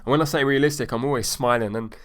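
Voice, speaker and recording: A young man coaching sales in a casual, animated way, swearing freely and acting out both sides of a call. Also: mid-range voice, quick pace. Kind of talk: casual instructional talk.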